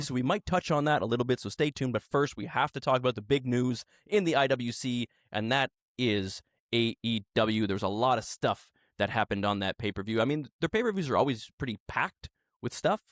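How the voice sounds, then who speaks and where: Male podcast host, playful and animated, dry close-miked sound. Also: medium pitch, no room sound. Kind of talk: casual wrestling podcast chat.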